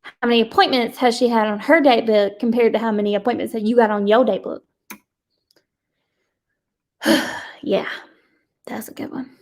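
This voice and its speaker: Her fairly high, fairly bright voice carries a motivational talk to the sales team she leads. The delivery is emphatic and preachy, folksy and direct, broken up by frequent laughs.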